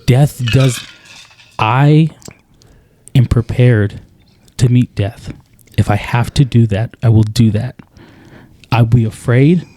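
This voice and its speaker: A man co-hosting a podcast, talking earnestly in a casual conversation, with many halting restarts. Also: mid-range voice, dark tone, no room sound. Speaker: podcast co-host.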